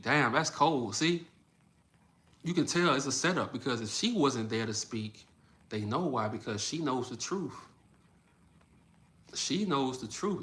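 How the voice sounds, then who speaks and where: Blunt, bright-voiced man livestreaming. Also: medium pitch. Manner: blunt, animated, repeats phrases for emphasis. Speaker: livestream host reading chat. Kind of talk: casual livestream commentary.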